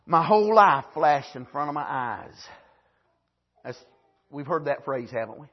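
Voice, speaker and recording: A man preaches with fervent energy, his high voice husky around the edges. He swings from shouted exclamations down to quiet asides and punctuates his points with amens. The recording sounds dull and lo-fi. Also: very animated, normal speed. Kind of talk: sermon.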